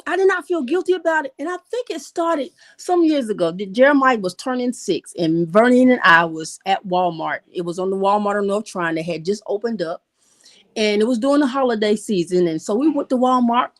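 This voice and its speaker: A middle-aged woman co-hosting a casual talk show, telling candid stories in relaxed Southern American phrasing. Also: medium pitch, moderate pace. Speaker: podcast co-host. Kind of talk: casual conversation.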